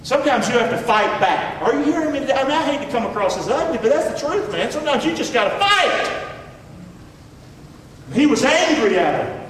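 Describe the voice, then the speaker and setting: A man's voice: extremely high pitch, big pitch swings, a little fast, a bit bright, a little hiss or hum. A middle-aged man preaching a sermon in a church, folksy and emphatic, calling out for amens. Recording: echoey hall from far off.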